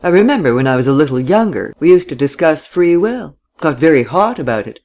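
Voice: mid-range voice, sing-song, brisk, darkish tone. A reader voicing a good-natured old father who babbles and chatters. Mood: amused.

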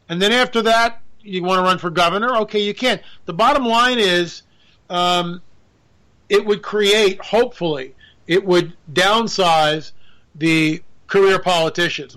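High, bright-voiced sarcastic male commentator. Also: unhurried. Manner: animated, sarcastic, joking asides. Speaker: political commentator. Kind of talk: casual political monologue.

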